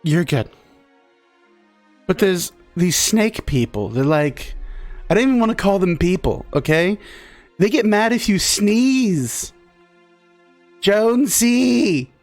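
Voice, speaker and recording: A man's voice: high voice, lively intonation, slow, pauses often, no room sound, soft background music, heavily acted. A man voicing a rambling, drunken tavern companion who trails off into tangents. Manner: rambling, slurred asides.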